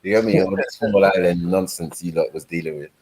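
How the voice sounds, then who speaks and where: Slangy low-voiced male co-host. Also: a little fast, a loud crowd, poor audio. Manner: slangy, repeats himself, animated storytelling. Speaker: livestream co-host. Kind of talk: casual chat.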